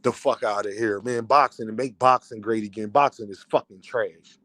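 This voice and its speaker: A man's voice: lowish voice, steady tone, moderate pace, a bit bright, no echo. A man, a boxing content creator, ranting on a livestream, angry, profane and heated. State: worked up and fuming. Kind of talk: livestream rant.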